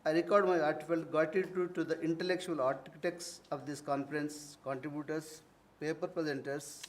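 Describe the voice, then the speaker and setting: In a university conference hall, a man with a slightly high voice gives a formal vote of thanks. His tone is earnest and ceremonial, though he occasionally pauses the formality for warm personal stories.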